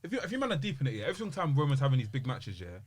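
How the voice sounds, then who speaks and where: A young man, co-hosting a casual wrestling chat, excitable and slangy, laughing often. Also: mid-range voice, rapid-fire. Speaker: podcast co-host.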